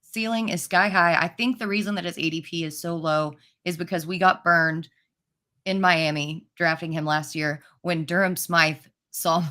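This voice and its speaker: Female sports panelist, low register, casual chatty delivery. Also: sharp tone. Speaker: fantasy football analyst.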